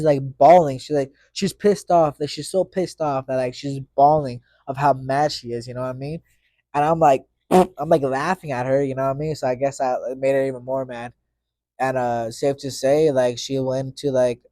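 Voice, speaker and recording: A young man tells a story on his podcast in loose, slangy talk, padding it with constant fillers. His voice sits at an ordinary middle pitch. The recording is dry and close, with no room sound. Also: mellow, no room sound. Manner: slangy, rambling, full of fillers like "you know what I mean". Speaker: podcast host. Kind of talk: casual storytelling monologue.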